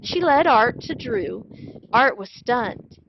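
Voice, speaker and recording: A woman narrating a children's storybook read-aloud in a clear, even storytelling manner. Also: on the high side, slow pace, muffled recording, a little hiss or hum.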